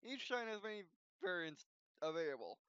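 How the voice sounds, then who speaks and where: A man hosting a gameplay video, reading tutorial text aloud with halting restarts and yawns. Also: high voice, sing-song, sharp tone, clean tone, dry recording, highs cut off. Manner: halting, frequent restarts, yawning. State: yawning.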